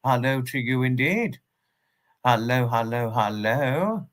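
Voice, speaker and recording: English male livestream host, mid-pitched, rambling and repetitive, politely formal with viewers. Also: expressive, slow pace, fairly bright tone. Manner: rambling, repeats himself, polite and formal phrasing. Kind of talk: casual livestream chat, greeting viewers and reading messages.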